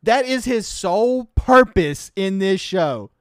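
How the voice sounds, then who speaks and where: A man co-hosting a podcast, chatting casually and telling stories in an animated, exaggerated way. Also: sits high, takes it slowly, clean tone, no echo, studio quality. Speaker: podcast co-host. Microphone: podcast mic.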